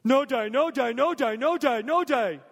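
A man voicing his scared three-year-old son, giving him a high, pleading childlike voice in a story told in an echoey hall. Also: moderate pace, vocal fry, fairly bright tone, full character voice. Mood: whining refusal. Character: scared three-year-old boy, stubborn then trusting.

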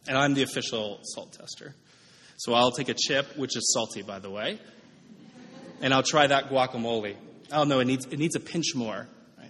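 A man's voice: medium pitch, a bit bright, husky. A man preaching a sermon as pastor, in a conversational way with frequent "right?" asides. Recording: reverberant hall.

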